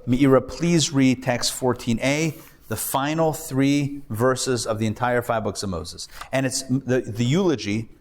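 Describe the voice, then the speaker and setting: A man, a rabbi, lecturing a live class with animated storytelling and rhetorical questions. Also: medium pitch. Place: classroom before a live audience.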